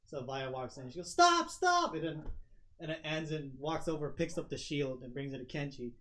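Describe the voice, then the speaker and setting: A man's voice: mid-range voice, fairly even intonation, fairly quick. A man narrating a home tabletop game as game master, rambling with many fillers and often laughing. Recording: dull home recording.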